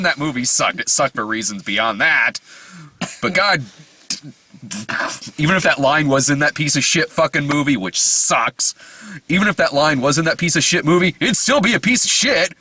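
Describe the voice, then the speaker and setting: Bright, lively-voiced man ranting about trailers. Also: on the high side, husky. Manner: profane, rambling, self-interrupting. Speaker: podcast co-host. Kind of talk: casual movie-trailer chat.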